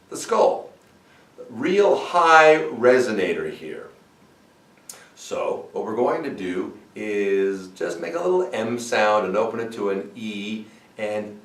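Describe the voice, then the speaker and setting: A man teaching vocal warm-up exercises as a voice coach and demonstrating the sounds himself. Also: reverberant, recorded from a distance. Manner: demonstrates sung vocal exercises, swooping high to low.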